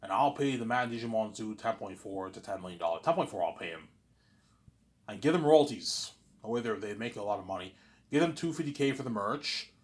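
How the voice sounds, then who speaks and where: A man hosting his own series, talking in a casual, excitable, rambling way and often repeating words as he restarts. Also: on the low side, fairly quick. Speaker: host of a listening series.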